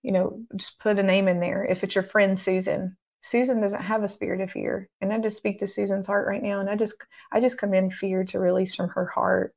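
A middle-aged woman, a guest minister, talking earnestly and calmly in an interview and sometimes acting out the prayers she speaks. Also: medium pitch, a little fast, gravelly. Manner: calm, earnest, instructive, acts out prayers. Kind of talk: conversational teaching interview.

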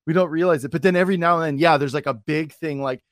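A man's voice: a little high, quick pace, no echo, clean studio sound. A man hosting a podcast, telling a personal story in a loose, rambling way with many restarts. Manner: rambling, full of restarts and fillers. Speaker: podcast host.

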